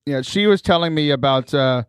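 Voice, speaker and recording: A man hosting a podcast, telling stories in an animated way and laughing often. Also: on the high side, moderate pace, smooth, no echo, studio quality. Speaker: podcast host. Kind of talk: casual chat.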